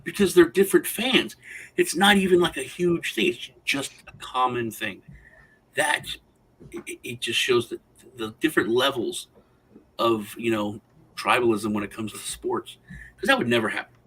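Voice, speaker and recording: A man's voice: mid-range voice, normal speed, fairly bright tone, breathy edge, rough recording. A man co-hosting a casual roundtable chat, telling long rambling anecdotes. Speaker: co-host.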